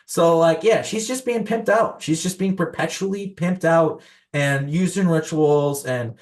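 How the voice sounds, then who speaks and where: A man's voice: on the high side, unhurried. Rambling man telling conspiracy stories. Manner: rambling, filler-heavy, many restarts. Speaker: podcast guest. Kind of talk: casual conspiracy storytelling.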